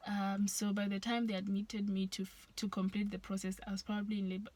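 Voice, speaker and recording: Soft-spoken woman vlogger, halting. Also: mid-range voice, flat delivery. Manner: soft-spoken, halting, with many restarts and sighs. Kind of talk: personal storytelling to camera.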